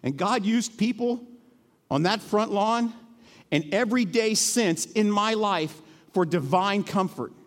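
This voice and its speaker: Middle-aged male pastor, slightly high voice, earnest sermon delivery swinging from hushed to emphatic, long church hall reverb. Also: animated, a little slow. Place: church sanctuary.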